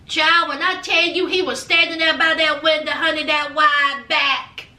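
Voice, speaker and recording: A woman giving a sassy, animated TV recap, peppering her talk with "child" and "honey". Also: high-pitched, a little slow, few pauses. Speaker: reality TV recapper. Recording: echoey room, distant mic.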